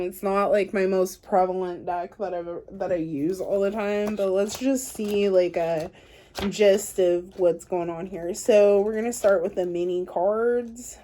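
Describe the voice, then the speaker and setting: A woman doing a laid-back tarot reading straight to camera. She talks slowly and wanders from thought to thought, filling the gaps with ums and likes. Her voice is soft and mellow, never sharp. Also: mid-range voice, slight background noise. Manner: chatty, rambling, filler-heavy. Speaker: tarot reader. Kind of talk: casual pick-a-card reading.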